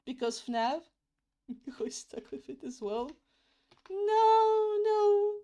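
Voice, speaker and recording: A woman's voice: on the high side, fairly even intonation, slow pace, a little mellow. A young woman streaming as she draws, chatting in a rambling way. She repeats herself and swears casually, and English is not her first language. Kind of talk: casual chat while drawing.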